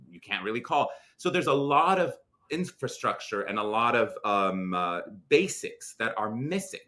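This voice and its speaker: Speaking with a Lebanese accent, this young adult man from Lebanon is a guest in an interview. He's casual and animated, restarting often and using many fillers, and his pitch is on the low side.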